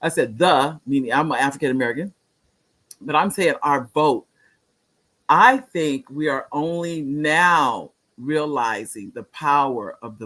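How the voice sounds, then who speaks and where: A man's voice: medium pitch, sharp tone. A man in his late sixties hosting a live-streamed talk show, speaking earnestly, repeating phrases for emphasis, and reading viewer comments aloud. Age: 60s.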